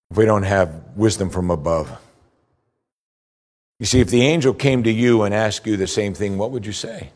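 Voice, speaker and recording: Earnest man preaching a sermon. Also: darkish tone. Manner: earnest preaching with rhetorical questions; rises in pitch for emphasis, slows for key points. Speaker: pastor.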